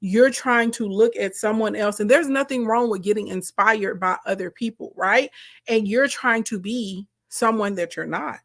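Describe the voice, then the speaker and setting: A woman's voice: medium pitch, moderate pace, a bit bright. A woman hosting a live stream, coaching viewers in a direct, emphatic, chatty way and answering their comments. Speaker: host, content coach.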